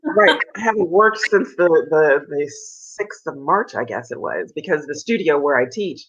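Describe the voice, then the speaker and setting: A woman in her fifties, an opera singer and interview guest, telling stories in a lively way and acting out the voices of people she quotes, heard over a video call. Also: low voice, moderate pace, husky. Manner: animated storyteller, acts out quoted voices. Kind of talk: casual interview storytelling. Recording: muffled video call audio.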